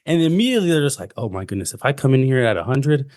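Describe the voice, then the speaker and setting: A man's voice: mid-range voice, sing-song, racing, a little mellow, no room sound, studio quality. A man who is a podcast guest, talking casually and thoughtfully, often restarting his sentences. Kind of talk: casual chat. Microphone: podcast microphone.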